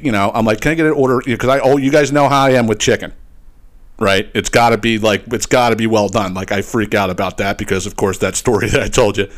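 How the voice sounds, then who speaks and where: A man hosting a podcast, telling a story as a casual comic rant, swearing often and keeping his listeners in with quick asides. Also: fairly low pitch. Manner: profane, animated, keeps asking "right?". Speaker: podcast host.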